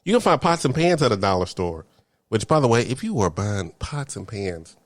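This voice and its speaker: A man, ranting comedically to camera in a vlog and dropping into hushed whispered asides. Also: lowish voice, sing-song, normal speed, no room sound. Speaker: vlogger.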